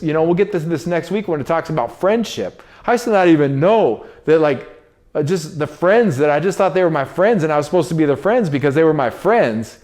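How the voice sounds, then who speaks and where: A man's voice: fairly high pitch, darkish tone. A man hosting a casual spoken monologue, preachy and repetitive, talking in street slang. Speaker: host.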